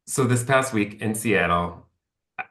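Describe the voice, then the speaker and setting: A man's voice: on the low side, a little slow, bright, forceful tone, echoey room, a little hiss or hum. A man talking as a podcast guest, candid and rambling, acting out bits of remembered speech. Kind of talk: casual conversation.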